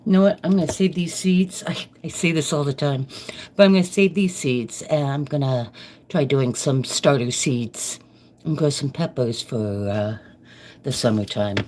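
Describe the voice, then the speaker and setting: A woman's voice: deep voice, normal speed, darkish tone. A middle-aged woman chatting casually to viewers while cooking live in her home kitchen, rambling and friendly with her audience. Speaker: live-stream cooking vlogger. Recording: kitchen noise under the voice. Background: chopping and kitchen clicks.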